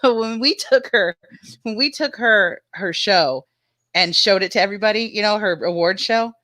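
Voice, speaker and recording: Brief: woman, stream co-host, punchy bright tone, laughs through her stories, curses loosely, dry close sound. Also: mid-range voice, normal speed, dry recording. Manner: laughs often while telling stories, swears freely. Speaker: panel co-host. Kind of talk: casual live-stream chat.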